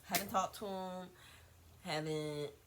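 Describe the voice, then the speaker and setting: A young woman vlogger telling a gossipy storytime, animated and repetitive, swearing freely. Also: fairly low pitch, slow pace, noisy background.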